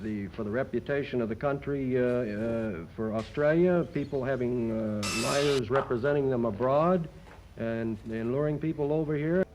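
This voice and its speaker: A man in an archival interview talking in an aggrieved, halting way with many fillers. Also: mid-range voice, muffled recording, background noise. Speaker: interviewed immigrant.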